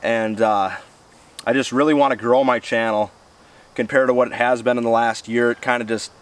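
Midwest guy cooking outdoors, chatty and excited, mid voice, mic kinda far off. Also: mid-range voice, normal speed. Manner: folksy, chatty, enthusiastic. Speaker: outdoor show host. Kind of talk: casual outdoor cooking vlog. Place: outdoors near woods. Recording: distant outdoor mic, faint noise.

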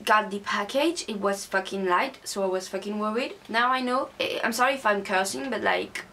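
A woman's voice: mid-range voice, moderate pace, fairly bright tone. A young woman, not a native English speaker, angrily ranting in a casual beauty vlog, recorded at home on a camera mic. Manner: angry, swearing rant. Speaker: beauty vlogger.

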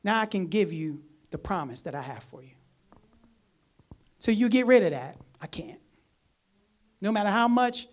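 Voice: medium pitch, expressive, moderate pace, pauses often. Emphatic preacher repeating key phrases. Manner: reads scripture aloud between comments; swings between loud urgent lines and quiet asides. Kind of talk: sermon.

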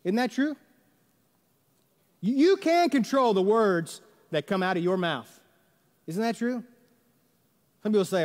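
A man preaches to his congregation, his voice sitting high for a man and often climbing higher when he presses a point. He keeps asking the room questions and slips into the voices of people who make excuses. His words ring out with a long reverb through the church sanctuary. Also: very animated, moderate pace, pauses often, darkish tone. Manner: conversational preaching with rhetorical questions and quoted voices. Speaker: pastor. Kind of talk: sermon.

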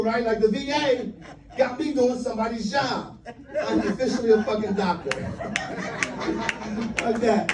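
A high-pitched man in his fifties from the US East Coast working a stand-up crowd with loose, profane, laughing tales. He sounds set back from the microphone in a roomy, echoing club, with a lively audience clearly heard behind him. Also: moderate pace, distant mic. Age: 50s. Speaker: stand-up comedian. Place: live comedy club with audience. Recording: roomy live stage mic, crowd.

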